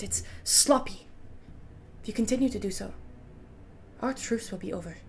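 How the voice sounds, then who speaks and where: A woman voicing a menacing villain who issues a low, quiet threat. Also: a little hiss or hum, lightly acted.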